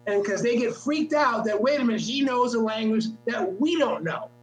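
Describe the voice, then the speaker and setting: A man's voice: very high-pitched, animated, moderate pace, soft background music. A man telling rambling stories in casual comedic chat, often restarting his sentences. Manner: rambling storyteller with frequent restarts. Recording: echoey room with faint hum.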